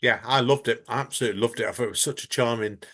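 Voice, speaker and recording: A man's voice: medium pitch, racing, a bit bright. A man hosting a podcast interview, enthusiastic and effusive in his praise of his guest. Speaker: podcast host. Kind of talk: casual interview.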